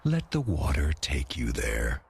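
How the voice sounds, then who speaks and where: A man reading a commercial voice-over with a smooth, sweeping delivery. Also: a bass voice, huge pitch swings, a little slow, a little mellow, a little hiss or hum. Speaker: commercial announcer. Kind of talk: advertising voice-over. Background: music.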